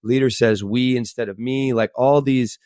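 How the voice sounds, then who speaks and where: A man co-hosting a casual podcast, talking in a rambling, animated way with restarts and the odd swear word. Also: mid-range voice, moderate pace, no room sound, clean studio sound. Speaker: podcast co-host.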